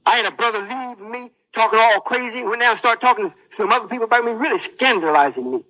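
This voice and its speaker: High-voiced boastful male preacher. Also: quick pace, pushed and bright, dry recording, lo-fi sound. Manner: boastful, menacing. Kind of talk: sermon.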